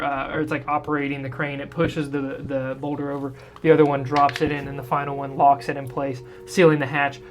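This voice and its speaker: A man running a tabletop game as dungeon master, describing the action loosely with lots of "like" and "uh" fillers. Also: on the high side.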